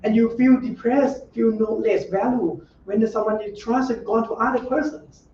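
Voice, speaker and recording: A middle-aged man, a Buddhist monk, giving an informal dharma talk in simple, repetitive phrasing with frequent rhetorical checks and gentle advice. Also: very high-pitched, steady tone, normal speed, a little hiss or hum. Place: meditation center room. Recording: roomy echo, distant dull lo-fi mic.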